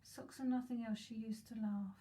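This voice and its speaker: A chatty woman in her fifties from England, giving a live psychic reading. She rambles through asides and giggles often, and her voice sits a little high. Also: fairly even intonation, normal speed, dark tone, low-quality recording. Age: 50s. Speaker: psychic medium.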